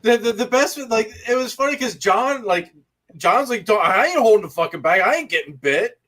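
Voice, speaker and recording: A man's voice: high-pitched, lively intonation, normal speed, fairly bright tone. A man telling a story in a casual chat, rambling and stumbling over his words.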